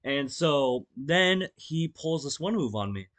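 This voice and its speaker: A man's voice: fairly high pitch, lively intonation, slow, fairly bright tone. Young man rambling through a storytime. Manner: rambling, many fillers and restarts, swearing; acts out the story with gestures. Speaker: vlogger. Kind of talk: casual storytime vlog.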